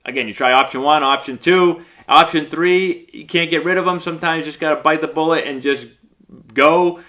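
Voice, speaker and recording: A man's voice: fairly high pitch, a little fast, pushed and bright. A man coaching young baseball players in a casual talk, acting out the voices of players and coaches as he goes. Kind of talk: casual instructional talk to camera.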